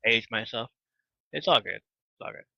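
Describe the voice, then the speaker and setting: Gravelly bright-toned podcast host. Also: male voice, mid-range voice, moderate pace, no echo. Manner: animated, laughs a lot, chatty with viewers. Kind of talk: casual live podcast chat. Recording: slightly dull lo-fi mic.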